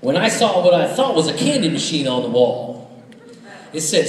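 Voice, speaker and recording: A man, a stand-up comedian, delivering punchy jokes with quick asides on a hall stage. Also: fairly high pitch, very animated. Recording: echoey hall, far from the mic.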